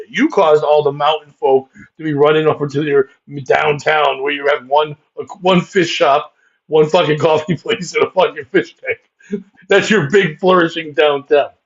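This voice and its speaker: Profane rambling comedy podcast host. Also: male voice, fairly high pitch. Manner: rambling, profane, laughs often. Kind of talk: casual comedic chat. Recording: dull lo-fi sound.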